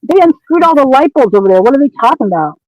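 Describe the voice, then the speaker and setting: A man's voice: very high voice, very animated, fast talker, no echo, low-quality recording. A man who is a guest on a casual true-crime discussion, talking in an emphatic, indignant way. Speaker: podcast guest.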